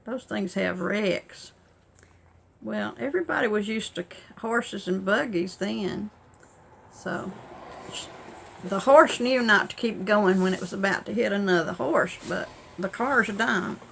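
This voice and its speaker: An older woman tells old family tales in a folksy, easy way with a gravelly voice. Loud sewing machine and motor hum fill the background. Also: medium pitch, unhurried, rough recording. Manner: folksy, animated in quotes, laughs. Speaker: family storyteller. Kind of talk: casual oral storytelling. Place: home sewing room.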